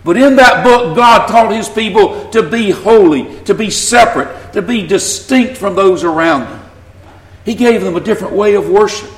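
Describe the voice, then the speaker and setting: A man's voice: sits high, moderate pace, roomy sound. A man with a Southern US accent preaching a sermon, earnest and building to emphasis when he reads scripture. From Southern United States. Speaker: pastor.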